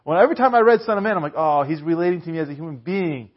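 A man delivers a sermon in a casual, animated way and sometimes softens to a hush. His voice sits a bit high. The recording is dull and lo-fi. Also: racing. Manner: conversational and animated, shifting to hushed softness on key lines. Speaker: preacher.

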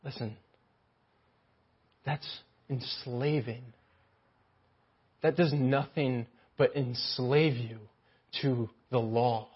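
Man, preacher, sermon, animated, husky voice, muffled lo-fi recording. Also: mid-range voice, drawn-out words, long pauses. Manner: animated, acts out mocking voices of the Pharisees.

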